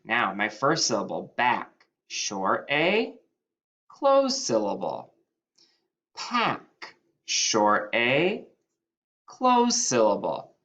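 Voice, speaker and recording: A man's voice: mid-range voice, huge pitch swings, slow pace, a bit bright, dull audio. A male first-grade teacher giving a patient phonics lesson, spelling out letters one by one and lifting his voice on key words. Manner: sounds out letters and stretches key words upward.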